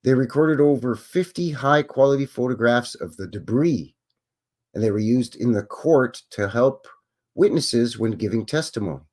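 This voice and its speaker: Stream host, male, middle-pitched and animated, reads text then drops dry self-mocking asides. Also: moderate pace. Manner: wry, self-deprecating asides between read passages. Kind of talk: reading aloud with offhand commentary.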